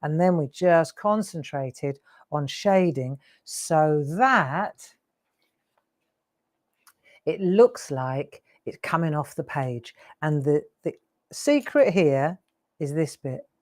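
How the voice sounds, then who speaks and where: A woman's voice: low-pitched, lively intonation, slow, darkish tone. A woman in her sixties hosting a live craft show, chatty and rambling with laughing asides. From England. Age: 60s. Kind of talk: live craft demo chat.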